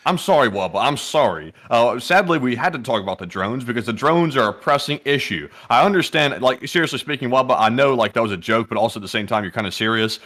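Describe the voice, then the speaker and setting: Male stream host, folksy and chatty, mid-pitch. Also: expressive, fast talker, hardly any pauses, fairly bright tone. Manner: folksy, chatty, reads donations aloud. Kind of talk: casual livestream chat.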